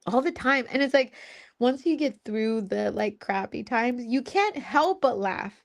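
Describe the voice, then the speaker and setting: A woman's voice: fairly high pitch, lively intonation, measured pace, vocal fry. A young woman hosting a live stream, chatting casually with viewers in a blunt, teasing way, swearing and laughing often. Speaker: host of a live spiritual Q&A stream.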